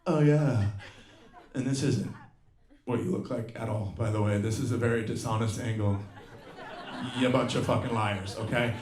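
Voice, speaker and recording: A man's voice: on the low side, fairly even intonation, normal speed, background noise. A man in his fifties doing a profane stand-up set, ranting in exasperation and mocking people with put-on voices. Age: 50s. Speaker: stand-up comedian. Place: live comedy venue with audience. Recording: roomy live venue with crowd laughter.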